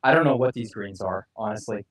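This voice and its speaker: Brief: low-pitched male golf co-host, laid-back explainer, dry outdoor sound. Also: brisk, no echo. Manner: relaxed, explains course details. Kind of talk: casual on-course chat.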